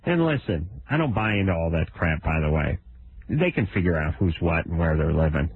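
Sarcastic, husky radio co-host man. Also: big pitch swings, a little fast, no room sound. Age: 30s. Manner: sarcastic ranting, big pitch jumps for bits. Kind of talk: casual comedic radio banter. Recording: narrow phone-like radio sound.

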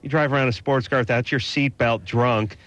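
A man's voice: medium pitch, steady tone, brisk, fairly bright tone, dry recording. Wisecracking male radio host. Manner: wisecracking, playful teasing. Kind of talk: joking advice talk.

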